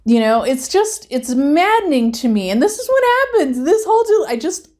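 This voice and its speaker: A woman's voice: sits high, sing-song, moderate pace, darkish tone. A woman reviewing a reality TV episode in a casual, chatty way. She grows emphatic and heated as she rants.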